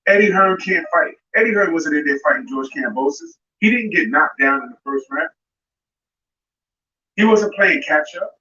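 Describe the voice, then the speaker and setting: A man's voice: on the high side, animated, normal speed, bright, forceful tone. A man hosting a live boxing show, ranting in a confrontational way and speaking straight at a fighter. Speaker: boxing commentary host. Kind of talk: live commentary rant. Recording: roomy, distant, dull sound with music behind.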